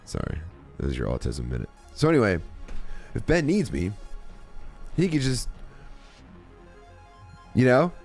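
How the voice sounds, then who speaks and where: A man in his forties hosting a casual stream, telling a rambling, animated story full of restarts and swearing. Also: medium pitch, a little slow, creaky, long pauses, soft background music. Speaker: streamer host. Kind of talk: casual storytelling to a live chat.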